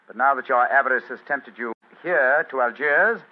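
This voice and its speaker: An actor playing a cool, precise master detective, quietly superior, in 1940s radio acting style. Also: male voice, mid-range voice, moderate pace, lightly acted. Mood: coolly accusing. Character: sharp, cool-headed male master detective. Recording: dull lo-fi 1940s radio recording.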